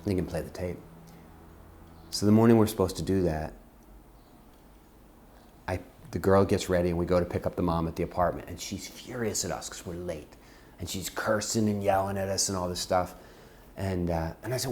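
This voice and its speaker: A man's voice: deep voice, a little fast. A middle-aged man telling a personal story from his ministry work, intense and impassioned, acting out the people in it.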